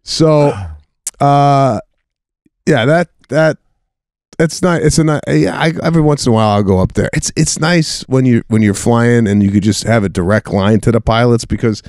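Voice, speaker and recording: A man's voice: mid-range voice, normal speed, a little mellow, dry recording. A man with an ordinary mid-range voice, chatting casually on a comedy podcast. He rambles through his stories, restarting his sentences and swearing freely. The recording is dry and close-miked. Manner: loose, rambling anecdotes with frequent restarts and swearing. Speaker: podcast co-host.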